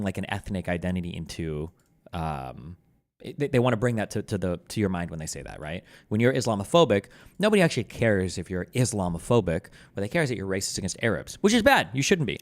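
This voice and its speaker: A man giving heated, profane live-stream commentary straight into a desk microphone. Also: sits low.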